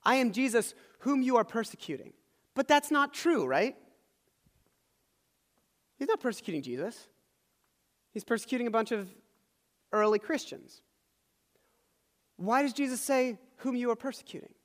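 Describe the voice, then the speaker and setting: A man's voice: extremely high pitch, expressive, moderate pace, pauses often. A man preaching a sermon as the pastor of a church, retelling a scripture story in a conversational way with asides to the congregation. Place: church hall. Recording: large hall with long reverb.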